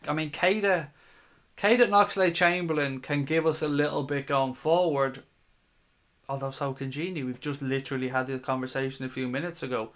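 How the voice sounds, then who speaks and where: A man's voice: fairly high pitch, fairly bright tone, smooth. A man in his thirties hosting a live stream, casually reading viewer comments aloud in a chatty, matey way and swearing now and then. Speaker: fan channel host.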